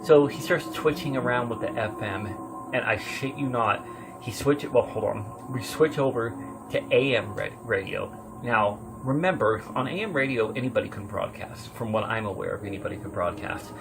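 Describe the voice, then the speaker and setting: A man recounts a spooky road-trip story in loose, unscripted talk, full of fillers and restarts. His voice sits at an ordinary middle pitch and turns tense, dropping to a hush and then rising. Faint music plays behind him. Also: moderate pace, vocal fry. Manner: rambling, swears often, many fillers and restarts; tense, swinging from hushed to loud as he retells. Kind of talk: casual spoken horror story.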